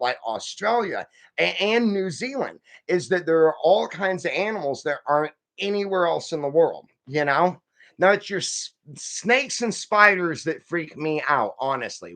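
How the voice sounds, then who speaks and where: A man's voice: on the high side, pushed and bright. A man hosting a casual live stream, rambling and folksy as he reads out viewer comments and answers them. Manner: folksy, calls viewers friend and y'all.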